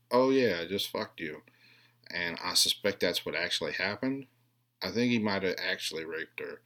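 A man in his late thirties giving a rambling, crude comedic recap of a movie, with deadpan asides and mocking voices for the characters. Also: low voice. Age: 30s.

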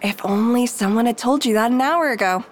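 An actress playing a sardonic young woman who teases her companion in a dry, deadpan way. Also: a little high, brisk, slight background noise, lightly acted. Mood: dry teasing.

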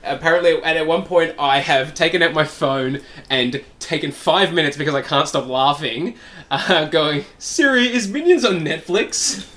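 A man's voice: a little high, fairly even intonation, normal speed, sharp tone. A man co-hosting a casual comedy podcast, telling a rambling story with frequent laughs and swearing. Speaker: podcast co-host.

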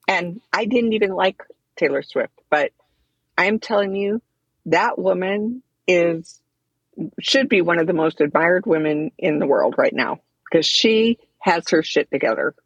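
A woman's voice: lowish voice, expressive, unhurried, slightly rough, no echo, highs cut off. An older woman co-hosting a podcast in casual chat, eating while she talks and laughing often. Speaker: podcast co-host. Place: coffee shop.

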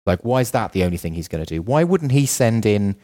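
A podcast co-host, a man, talks in a lively voice whose pitch swoops up and down. He questions everything in rapid-fire bursts, in a loose, casual chat.

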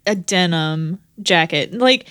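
A woman chatting on a podcast with a lowish voice. She is recorded dry and close, with no room sound. She mostly agrees in short replies and restarts her sentences now and then. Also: lively intonation, slow, a bit bright, dry recording. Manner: agreeable, brief backchannels, hesitant restarts. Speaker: podcast co-host. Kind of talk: casual chat.

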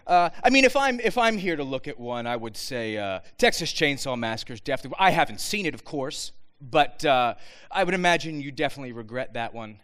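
A man giving an earnest, animated talk to students, with frequent restarts. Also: medium pitch, a little fast, clear, resonant tone. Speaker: speaker addressing students.

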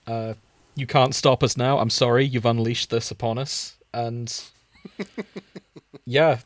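A man's voice: medium pitch, fairly even intonation, slow, dry recording. A male podcast co-host chatting casually with wry, dry humor.

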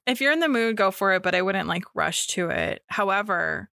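A woman's voice: mid-range voice, expressive, fairly quick, vocal fry, bright, forceful tone, no echo, studio quality. A young woman co-hosting a podcast, chatting casually with plenty of fillers and restarts. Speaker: podcast co-host. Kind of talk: casual chat.

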